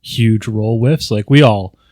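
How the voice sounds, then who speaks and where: A man's voice: on the low side, takes it slowly, dry recording. A man on a casual podcast, speaking earnestly and praising the others. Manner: earnest, warmly complimentary. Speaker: podcast player.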